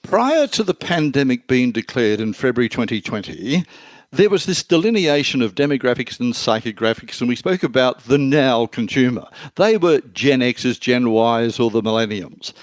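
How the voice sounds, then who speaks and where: An older man, answering interview questions as a marketing expert in an emphatic, measured lecturing way. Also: medium pitch, expressive, no echo.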